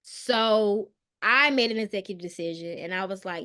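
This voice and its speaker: Brief: woman guest, mid-pitched, earnest and halting, lots of "um"s, goes quiet on hard moments. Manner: earnest, hesitant, many "um"s and restarts; soft and subdued on painful details. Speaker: guest, mental health counselor. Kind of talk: personal storytelling in a podcast interview.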